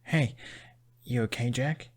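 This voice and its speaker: A man voicing a wary, caring young Viking man who speaks gently and with concern, in a fan audiobook reading. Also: medium pitch, slow pace, voice pushed up. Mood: concerned gentle.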